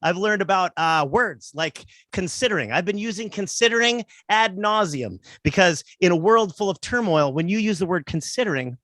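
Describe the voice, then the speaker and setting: A man's voice: sits high, animated, moderate pace, hardly any pauses, pushed and bright, dry recording. A man doing a stand-up comedy set, telling rambling stories with lots of asides.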